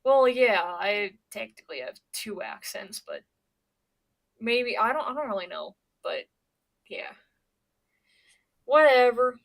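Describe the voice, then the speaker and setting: A woman's voice: medium pitch, animated, a little slow, vocal fry, fairly bright tone. A young woman from Pennsylvania chatting casually on her stream, rambling and swearing, with lots of stammered restarts. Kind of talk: casual chat.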